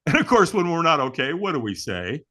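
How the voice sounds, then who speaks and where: Bright, lively male storyteller. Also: on the high side, a little fast. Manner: lively, acts out quotes, many restarts. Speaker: guest, firewalk instructor. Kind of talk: animated personal storytelling.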